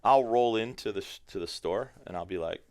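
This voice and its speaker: A man chatting as a firearms trainer guest on a podcast, telling animated, profane stories. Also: on the low side, a little fast, clear, resonant tone, no room sound. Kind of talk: casual podcast chat.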